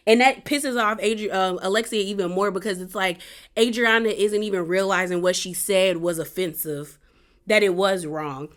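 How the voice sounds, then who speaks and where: A woman chatting casually as she recaps a reality TV episode, full of "like" and quick asides. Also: mid-range voice. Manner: chatty, peppered with "like", acts out quotes.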